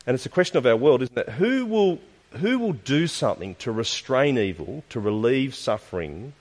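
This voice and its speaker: A man's voice: medium pitch, darkish tone. A man preaching a sermon, posing rhetorical questions and tagging points with "isn't it?". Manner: asks rhetorical questions with frequent tag questions. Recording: long reverb of a large hall.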